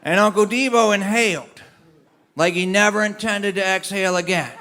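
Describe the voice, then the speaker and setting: A male storyteller telling a funny tall tale to a live audience, animated with comic timing and laughing along. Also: sits high, normal speed, slight background noise. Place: live stage performance.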